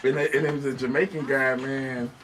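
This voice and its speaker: A man's voice: medium pitch, flat delivery, fairly quick, a bit bright, recorded from a distance, a little hiss or hum. A man hosting a radio show, telling a funny story in casual chat and laughing often. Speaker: radio host.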